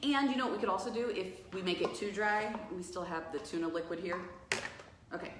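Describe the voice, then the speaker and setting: In an echoey cafe kitchen with faint background noise, a middle-aged woman demonstrates a recipe on a cat cafe live stream. She's chatty and playful, laughs a lot, and speaks fairly quickly in a mid-range voice.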